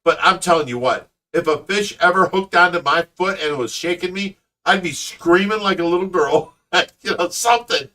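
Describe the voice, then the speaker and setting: Middle-aged man, host, lively laughing storyteller, high bright voice, off-mic. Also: moderate pace, hardly any pauses, recorded from a distance. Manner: animated storyteller, laughs often. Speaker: fish rescue owner and host. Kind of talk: casual livestream chat.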